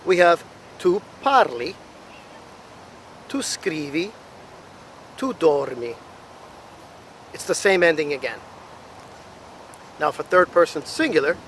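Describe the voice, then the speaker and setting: American man teaching Italian verbs slowly. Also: fairly high pitch, fairly bright tone, a little hiss or hum, rough recording. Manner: slow, careful modeling of Italian words. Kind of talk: language lesson.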